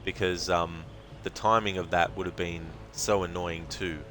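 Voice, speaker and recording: A man with an Australian accent, streaming a game and chatting casually with viewers, relaxed and full of fillers. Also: deep voice, moderate pace, soft background music. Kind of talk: casual gaming commentary.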